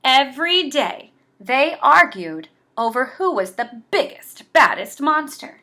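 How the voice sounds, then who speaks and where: Slow, lively woman reading a storybook. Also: sits high. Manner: slow, expressive read-aloud. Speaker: storybook reader. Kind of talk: reading a picture book aloud.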